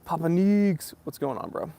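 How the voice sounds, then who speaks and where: Gravelly laid-back American guy. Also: on the high side, normal speed, warm tone. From United States. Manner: laid-back, chatty, bro-ish slang. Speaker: watch channel host. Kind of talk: casual livestream Q&A reading viewer comments.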